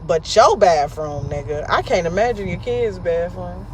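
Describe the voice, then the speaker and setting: A woman vlog host telling the story of a bad date in a blunt, profane, animated way, recorded inside a car. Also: on the low side, moderate pace, slight background noise.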